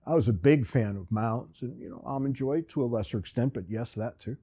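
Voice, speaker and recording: A man with a mellow, darker voice and a husky edge, spinning a casual, rambling yarn as a podcast host. His delivery is wry and self-deprecating, full of dry asides. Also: medium pitch, brisk. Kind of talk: casual storytelling monologue.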